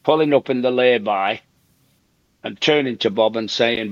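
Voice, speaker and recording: A man's voice: medium pitch, unhurried, dry recording, muffled recording. Older man telling stories. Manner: animated anecdote teller, repeats himself for emphasis, acts out quotes. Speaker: guest comedian. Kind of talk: storytelling in casual chat.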